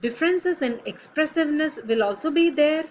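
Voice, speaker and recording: A woman delivers a recorded lecture in a clear, deliberate teaching manner. Her voice sits a little high, and the recording sounds slightly muffled with a faint hiss underneath. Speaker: dentistry lecturer.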